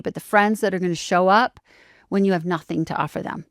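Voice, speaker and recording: A woman with a lowish, clear, resonant voice tells a story as a podcast guest at a normal speed. She's animated and expressive, acting out dialogue with lively shifts into the voices of the people she describes. The sound is close and dry, with no room around it.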